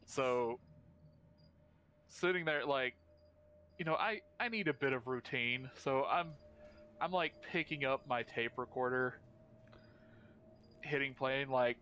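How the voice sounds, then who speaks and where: A man's voice: medium pitch, a little slow, pauses often, pushed and bright, clear, resonant tone, soft background music. A man playing a tabletop game, talking casually and rambling with many fillers. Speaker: player.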